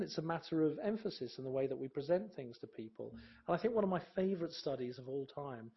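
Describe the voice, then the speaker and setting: A man's voice: medium pitch, lo-fi sound. A man giving a presentation talk in a conversational way, with fillers and restarts.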